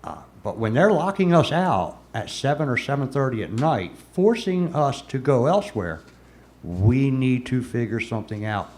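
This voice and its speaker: A man's voice: medium pitch, sing-song, normal speed, a little mellow. A man serving as a city commissioner, pressing his points in a council meeting and often repeating words.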